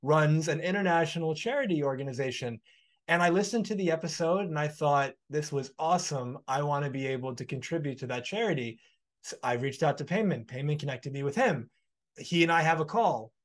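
A man's voice: on the high side, fairly quick. A man in a podcast conversation, telling a long heartfelt anecdote in an earnest, flowing way.

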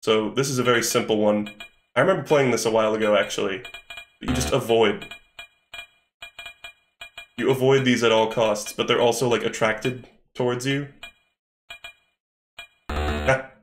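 A man's voice: mid-range voice, normal speed, pauses often, soft background music. A man streaming games live, chatting, thinking aloud and swearing casually as he plays. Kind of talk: live game-stream commentary. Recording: echoey room.

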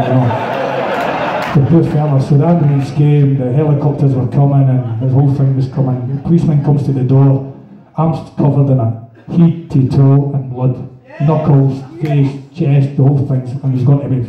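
A man's voice: medium pitch, fairly even intonation, brisk. A man telling a rambling, swearing anecdote on stage, laughing as he goes. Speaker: guest storyteller. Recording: echoey hall from far off, dull, crowd.

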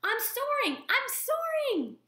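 A woman doing a squeaky excited little gosling. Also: normal speed, roomy sound, exaggerated voice. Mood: gleeful. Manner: squeaky, gleeful. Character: excited young male gosling, eager and proud.

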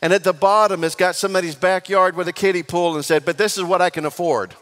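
High-voiced joking pastor. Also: male voice, quick pace. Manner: lively and joking, asks the congregation for responses. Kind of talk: sermon with jokes. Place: large church sanctuary. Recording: long church reverb.

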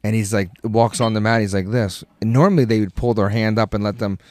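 A man's voice: on the low side, fast talker, a little mellow. A middle-aged man, a podcast guest, telling rambling, profane stories in casual chat and laughing as he goes.

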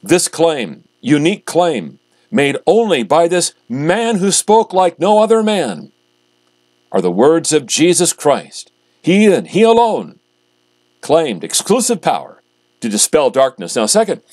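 A man, a pastor, reading scripture aloud and preaching in a measured, emphatic way, slowing down on key phrases. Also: fairly high pitch, sing-song, a little mellow, dry recording.

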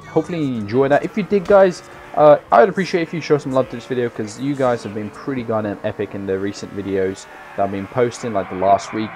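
A man's voice: mid-range voice, fast talker, a little hiss or hum. Tired, rambling man in gameplay commentary. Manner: rambling, swears freely, loud bursts of excitement. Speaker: gaming YouTuber.

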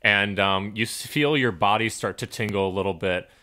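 A man narrating a tabletop game as game master, describing scenes with relaxed, halting fillers. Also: on the low side.

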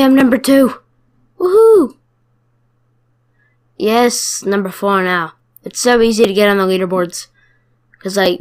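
Woman gamer, chatty let's-play commentary, playful trash talk, mid-range voice. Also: mid-range voice.

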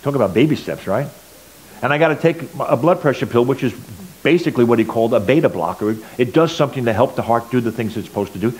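A man of middle age stands before a church and shares his testimony. His voice sits at an ordinary middle pitch, and he tells his story earnestly, rising loud and then dropping quiet again. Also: lively intonation, fast talker, breathy edge, rough recording. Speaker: church speaker giving a testimony. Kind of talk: sermon testimony.

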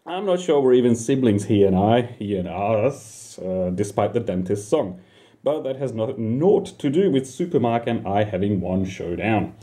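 A man's voice: lowish voice, animated, normal speed, mellow. A man telling an absurd comic story about himself in the first person, rambling, swearing and talking back to his listeners.

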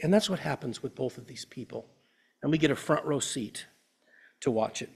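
A man's voice: mid-range voice, lively intonation, moderate pace, creaky, breathy edge. A man in his fifties preaching a sermon as a pastor, earnest and conversational, telling personal stories. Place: church.

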